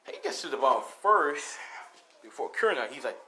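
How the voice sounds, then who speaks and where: A man's voice: mid-range voice, big pitch swings, moderate pace, heavy background noise. A man casually telling a fan story, rambling, with lots of fillers and swearing.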